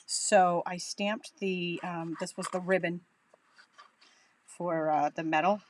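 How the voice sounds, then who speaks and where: A woman's voice: on the low side, steady tone, takes it slowly, slight background noise. A woman with a Boston accent giving a chatty, upbeat live crafting tutorial, thinking aloud as she works. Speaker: craft demonstrator.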